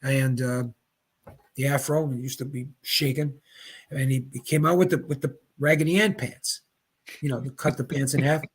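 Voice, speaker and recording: A man in his seventies from Pennsylvania, a retired bowler and guest, telling rambling, animated anecdotes in casual chat. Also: medium pitch, normal speed, slightly rough. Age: 70s. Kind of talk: casual storytelling.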